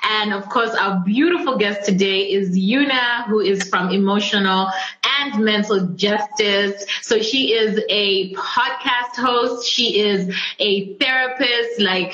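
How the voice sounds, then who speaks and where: Woman podcast host, effusive, laughs a lot, echoey room, dull lo-fi call audio. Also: mid-range voice. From Zambia. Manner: gushing, animated, laughs often. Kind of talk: casual video-call chat.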